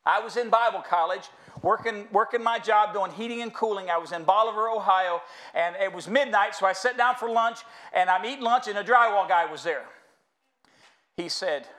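A man's voice: high-pitched, brisk, fairly bright tone. A middle-aged American man preaching a sermon in church, folksy and storytelling, calling the congregation y'all. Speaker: pastor. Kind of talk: sermon with humor. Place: church sanctuary.

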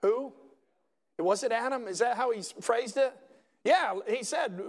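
A man's voice: very high voice, a little slow, in a large hall. A man preaching a sermon as pastor, building to emphatic, impassioned passages.

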